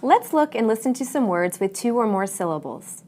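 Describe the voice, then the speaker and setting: Lively-voiced woman teaching pronunciation. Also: fairly high pitch. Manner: clear, measured, encouraging delivery. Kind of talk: scripted teaching narration.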